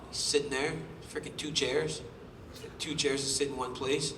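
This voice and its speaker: This champion fighter, a man in his thirties, speaks at normal speed in a fairly bright, mid-range voice that barely moves in pitch. Fielding press-conference questions, he's boastful and jokey, trash-talking his rivals. The sound is distant and roomy, with slight background noise.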